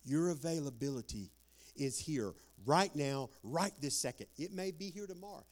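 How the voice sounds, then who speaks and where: A man preaching a sermon, telling stories with dramatic swings from hushed to loud. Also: a little high, expressive, moderate pace. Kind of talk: sermon with storytelling.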